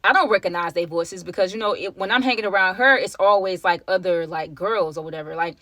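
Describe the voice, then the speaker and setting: A woman's voice: on the low side, fast talker, fairly bright tone, no echo. A young woman telling a personal story to her viewers in a casual, chatty way, often calling them y'all. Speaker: storytime vlogger.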